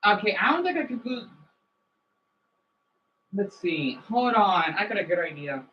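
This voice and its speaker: A woman streaming a game on her phone and chatting excitedly with her viewers, often restarting her sentences. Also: medium pitch, measured pace, slight background noise. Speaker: game streamer reading chat. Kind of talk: casual livestream chat. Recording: dull lo-fi phone audio.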